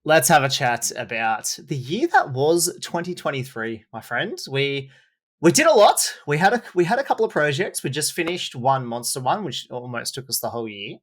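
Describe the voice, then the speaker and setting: A man's voice: medium pitch, animated, moderate pace, hardly any pauses, a bit bright. A man, a wedding vendor co-hosting a podcast, joking and bantering in casual chat.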